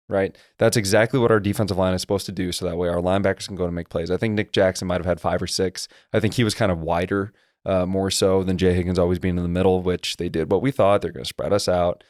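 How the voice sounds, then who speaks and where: Male podcast co-host, low voice, dry close mic, rapid technical analysis. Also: darkish tone, dry recording. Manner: detailed, fast technical football breakdowns. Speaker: podcast co-host and former lineman. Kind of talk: casual sports podcast chat.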